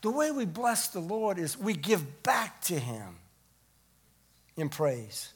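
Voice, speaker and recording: A middle-aged man preaching a sermon as pastor, swelling to emphatic peaks and then dropping low and quiet. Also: very animated, slow, husky.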